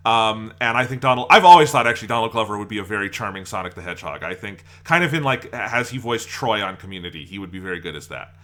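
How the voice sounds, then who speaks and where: A man's voice: on the low side, expressive, quick pace, hardly any pauses, sharp tone. A man co-hosting a podcast, chatting casually and enthusiastically, rambling a bit and laughing often. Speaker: podcast co-host. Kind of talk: casual chat.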